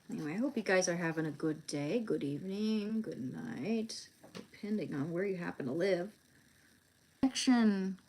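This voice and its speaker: A young woman chatting casually on a live stream while she draws, rambling with many fillers and restarts. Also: medium pitch.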